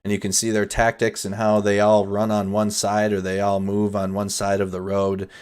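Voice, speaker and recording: A somewhat low-voiced man talks over footage on a live stream in a casual, chatty, energetic way. He comments freely and addresses viewers directly as the host. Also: normal speed, smooth. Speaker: host of nightly war update stream.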